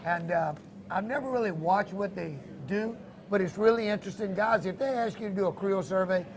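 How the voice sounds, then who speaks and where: A man tells a fishing story in a relaxed, homespun way. His voice sits high for a man. Faint noise hums behind him. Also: fairly quick. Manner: folksy, storytelling, laughs easily. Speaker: fishing show co-host. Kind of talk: casual chat about a fishing trip.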